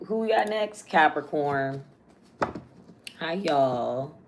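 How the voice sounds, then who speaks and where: A young woman doing a casual, chatty live tarot reading, slangy and quick to laugh. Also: low voice, background noise. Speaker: tarot reader.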